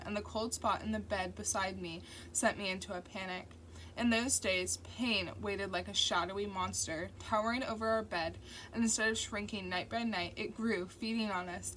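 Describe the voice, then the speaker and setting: A woman narrating a novel as an audiobook in first person, with steady, intimate storytelling. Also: mid-range voice. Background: faint construction noise.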